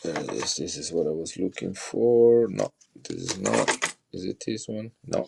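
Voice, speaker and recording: A deep-voiced middle-aged man with an Italian accent talks casually on a live stream. He chats with viewers and shows off coins as he goes. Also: wildly swooping pitch, unhurried, vocal fry, background noise. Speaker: coin seller on a live stream.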